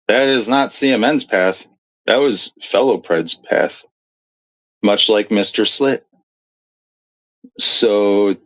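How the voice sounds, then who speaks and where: A man's voice: mid-range voice, rough recording. Blunt profane male commentator. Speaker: streamer commentator. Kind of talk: reacting to clips and reading comments.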